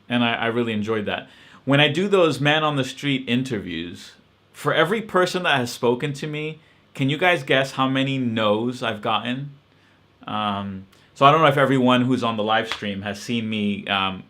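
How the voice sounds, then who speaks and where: A man's voice: medium pitch, a bit bright. A man hosting a casual live-stream Q&A, answering questions in a hesitant, reflective way with many ums and restarts.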